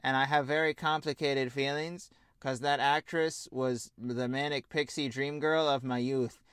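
A man co-hosting a casual podcast chat, animated and laughing, with frequent swearing and quick asides. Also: medium pitch, clear, resonant tone, dry recording, clean studio sound. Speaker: podcast co-host.

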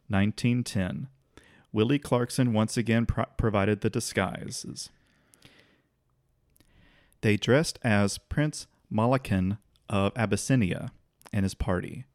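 A man's voice: lowish voice, dry recording, studio quality. A man co-hosting a podcast, casually telling a history story with easy restarts and the odd laugh. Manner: relaxed, occasional restarts, laughs while telling.

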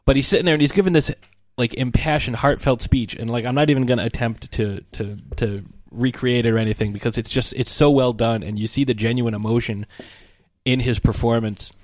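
A man co-hosting a podcast, retelling a movie scene in a casual, animated way with some swearing. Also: mid-range voice, a little fast, no echo. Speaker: podcast co-host.

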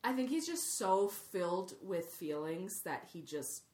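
A woman's voice: lowish voice, lively intonation, unhurried, a little mellow. A woman co-hosting a podcast, talking casually and emphatically, swearing freely. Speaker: podcast co-host. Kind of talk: casual chat. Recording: echoey room.

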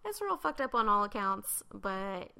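A woman's voice: medium pitch, big pitch swings, a little slow, vocal fry, pushed and bright, clean tone. A young adult woman co-hosting a casual true-crime podcast, blunt and casually swearing. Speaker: podcast co-host.

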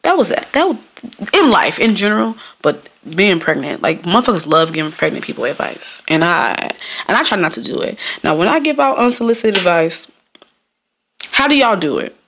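Chatty, profane woman with a gravelly low voice. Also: sing-song, normal speed, a bit bright, a little hiss or hum. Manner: chatty, profane, laughs often, slips into high mocking voices. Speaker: cook and baker telling stories. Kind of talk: casual storytelling monologue.

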